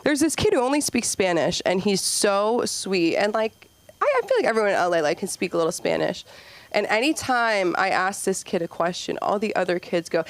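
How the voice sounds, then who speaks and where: A woman in her twenties doing a rambling stand-up set at an open mic, acting out kids in squeaky voices. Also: expressive, a little fast, dry recording. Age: 20s. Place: comedy club stage.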